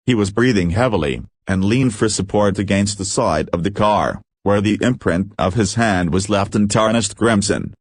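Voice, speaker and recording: A man narrating a story as an audiobook reader in a measured, deliberate way. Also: fairly low pitch, husky, dry recording.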